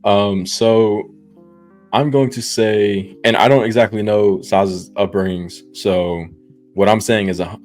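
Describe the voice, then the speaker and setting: A man from New Jersey with a very deep voice speaks hesitantly on a podcast, hedging what he says. Faint music plays in the background. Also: fairly even intonation, unhurried, a little mellow. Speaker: guest. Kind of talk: casual podcast chat.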